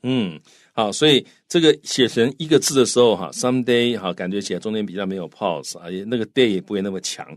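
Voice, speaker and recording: A man's voice: lowish voice, fast talker, no room sound, clean studio sound. A man co-hosting a language lesson, explaining in a chatty way with lots of filler particles. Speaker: co-host explaining in Mandarin.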